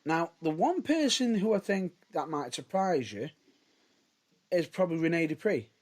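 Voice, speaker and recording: Lively, animated man chatting casually. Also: fairly high pitch, unhurried. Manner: hedging, restarts often, lively rises and drops. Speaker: podcast co-host. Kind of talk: casual wrestling chat.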